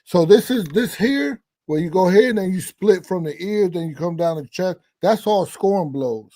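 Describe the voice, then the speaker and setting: A man's voice: sits high, normal speed, dry recording. A man who coaches boxing, talking casually and walking through how fights get scored. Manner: animated, explains fight scoring with demonstrations. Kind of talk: casual livestream chat.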